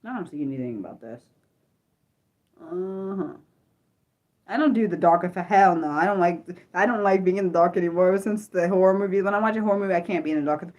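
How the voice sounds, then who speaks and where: A young woman hosting an unscripted livestream, chatting to her viewers with animated restarts and repeated exclamations, easily spooked. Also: lowish voice, fast. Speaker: livestream host. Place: her room.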